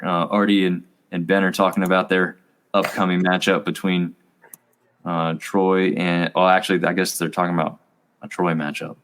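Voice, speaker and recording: A man's voice: sits low, fairly bright tone. A man co-hosting a college sports review show, chatting casually and rambling with fillers. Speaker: co-host.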